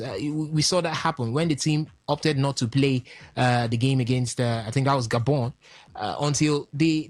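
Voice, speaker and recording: A man's voice: mid-range voice, no room sound, studio quality. A man co-hosting a radio sports talk show, opinionated and full of ums as he argues his points. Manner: opinionated, hesitant with many ums.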